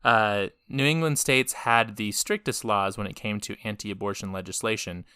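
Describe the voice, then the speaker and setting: Man, podcast co-host, bright crisp voice, dry close sound, loose casual delivery, lots of swearing and laughing. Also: fairly low pitch, moderate pace, dry recording. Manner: laid-back, swears a lot, laughs often. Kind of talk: casual chat.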